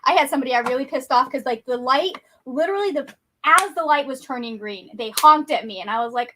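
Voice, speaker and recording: A woman co-hosting a livestream in animated casual chat, laughing a lot and reassuring the host. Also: sits high, fast.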